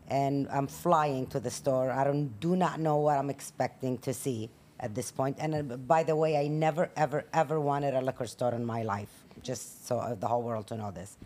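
A woman's voice: extremely low pitch, a little mellow. A middle-aged woman, the host's mother, animatedly retelling a family story and acting out each person she quotes. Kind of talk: casual storytelling chat.

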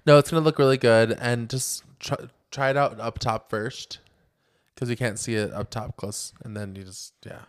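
A young man co-hosting a podcast, animated and sassy in casual chat, filling with "like". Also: medium pitch, normal speed. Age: young adult. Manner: animated, sassy, many "like" fillers. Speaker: podcast co-host.

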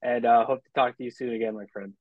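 Halting male podcast host. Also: mid-range voice, steady tone, no room sound. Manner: halting, many restarts. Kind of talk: casual interview. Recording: dull dry lo-fi recording.

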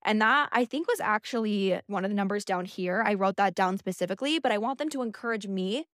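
A woman's voice: mid-range voice, expressive, brisk, fairly bright tone, no echo, clean studio sound. A young adult woman hosting a casual monologue podcast, chatty and emphatic with a sassy edge. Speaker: podcast host.

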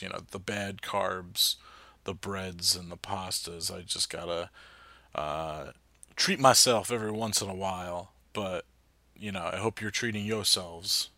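A man's voice: on the low side, a bit bright, no room sound. A man from New Jersey hosting his podcast in rambling, casual chat full of fillers. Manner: rambling, chatty, lots of fillers and restarts. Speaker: podcast host.

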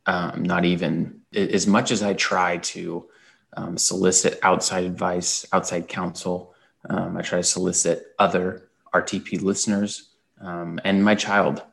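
Gravelly low-voiced man, tired and chatty. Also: flat delivery, unhurried, a bit bright. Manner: chatty, rambling, with frequent "um"s and restarts. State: tired, early-morning voice. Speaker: podcast co-host. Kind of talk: casual sports podcast chat.

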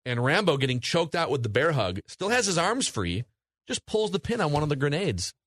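A man hosts a relaxed film-review podcast, walking through scenes with loose, rambling energy. His voice sits a bit high for a man. The sound is dry and close, with no room around it. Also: brisk, no room sound. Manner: animated storyteller, recounting scenes with hedging fillers. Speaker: podcast co-host. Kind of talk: casual movie review chat.

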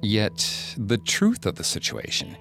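A man narrating a second-person horror story in a slow, hushed way. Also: lowish voice, wildly swooping pitch, vocal fry, soft background music.

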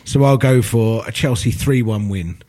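A man's voice: medium pitch, moderate pace, dark tone. A man with an English accent, a guest on a football podcast, gloomy and self-mocking about his team. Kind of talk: casual football chat.

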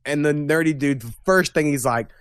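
Profane laughing podcast host. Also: male voice, fairly high pitch, a little fast, clean tone, dry recording, studio quality. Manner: profane, rambling, laughs often. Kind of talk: casual chat.

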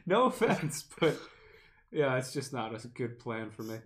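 A young man co-hosting a livestream talks in an easygoing, chatty way with a voice of ordinary, middling pitch. He reads viewers' donation messages aloud and thanks each person. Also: sing-song, unhurried, fairly bright tone. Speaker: podcast co-host. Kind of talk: casual livestream chat, reading super chats.

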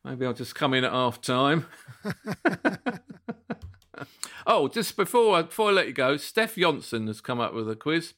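A man hosting a football podcast in casual chat, animated and laughing often as he reads a quiz aloud. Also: mid-range voice, unhurried, long pauses. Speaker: podcast host.

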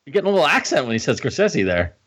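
A man's voice: a little high, sing-song, rapid-fire, a bit bright, breathy edge. A man co-hosting a podcast, chatting casually, laughing often, and reading out facts. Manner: laughs often, reads out movie text. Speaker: podcast co-host.

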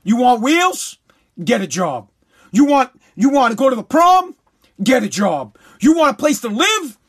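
A man acts out a gruff, old-school father who barks blunt, profane orders in short bursts. The voice sits high and has an edge. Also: sing-song, unhurried, fairly bright tone, full character voice. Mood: gruff scolding.

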